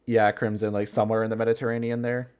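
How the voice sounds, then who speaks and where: A man's voice: on the low side, little pitch movement, fast talker, darkish tone, clear, resonant tone, lo-fi sound. A man chatting casually on a livestream, musing aloud and chuckling often as he answers his chat.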